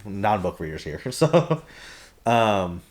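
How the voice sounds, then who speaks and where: A young man co-hosting a casual podcast chat who laughs often and gets animated when quoting characters. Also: on the low side, takes it slowly. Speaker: podcast co-host.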